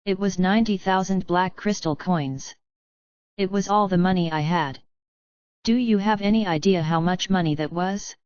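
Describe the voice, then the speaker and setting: A man's voice: high voice, normal speed, darkish tone, clear, resonant tone, no echo, natural voice. A woman reading the lines of a shameless young man who complains indignantly about money. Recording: dull, lo-fi, dry.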